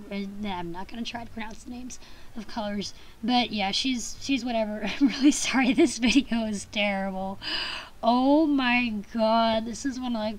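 A woman's voice: on the high side, a bit bright, poor audio. A young woman in a casual vlog, rambling and gushing about her collection with frequent giggles and restarts. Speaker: collector vlogger.

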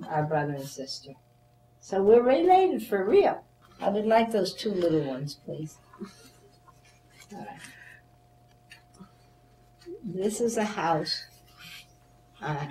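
Slow, unhurried woman in her eighties, roomy echo. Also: deep voice, darkish tone. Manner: playful sing-song recitation, chatty reminiscing. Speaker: oral history interviewee. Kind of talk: oral history interview with a recited comic poem. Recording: roomy echo, faint background noise.

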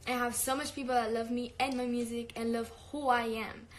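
A woman's voice: a little high, level tone, fairly quick. A young woman chatting casually on a livestream, brash and profane, laughing often. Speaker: singer on a live stream.

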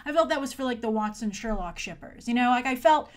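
A woman hosting a casual spoken TV review, animated, often acting out mocking voices in quotes. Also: fairly high pitch, quick pace. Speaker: film and TV reviewer, show host.

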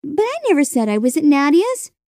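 A woman voicing a young girl who talks in an earnest, soft-spoken, apologetic way. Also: high-pitched, very animated, fairly quick, no echo, studio quality, voice pushed up.

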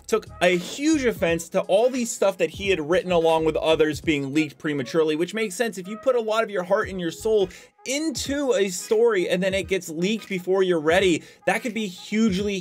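A man giving casual gaming commentary as a YouTuber, chatty with joking asides. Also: high-pitched.

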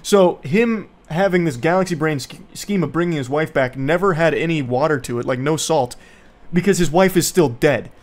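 A man's voice: a little high, moderate pace. A young man giving casual, sarcastic movie commentary in a rambling, mocking way. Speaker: YouTube commentator.

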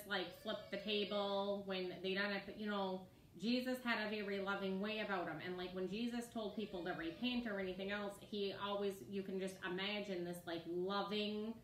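Chatty woman preaching casually, keeps asking "right?", mid-pitched voice, roomy echo. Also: fairly bright tone, slight background noise. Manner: chatty and conversational, often checking in with "right?". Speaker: ministry teacher. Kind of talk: casual sermon teaching. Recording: echoey room with faint ambience.

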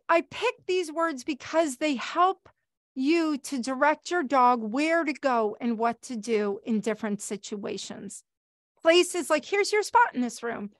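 High-voiced chatty woman trainer. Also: no echo, clean studio sound. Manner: chatty and animated, talks fast with fillers. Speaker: pet trainer. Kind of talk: webinar presentation. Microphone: video call.

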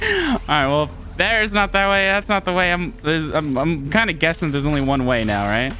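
At medium pitch and moderate pace, a streamer gives excitable live gameplay commentary, laughing often, swearing, and talking to chat.

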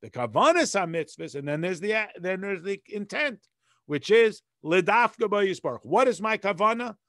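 Man, rabbi, text study lecture, high voice, dry close sound, patient explaining, Hebrew readings with English analogies. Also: expressive, moderate pace, a bit bright, dry recording. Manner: reads passages in Hebrew and explains them in plain English with homely analogies; conversational, patient teacher. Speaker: rabbi teaching a text class.

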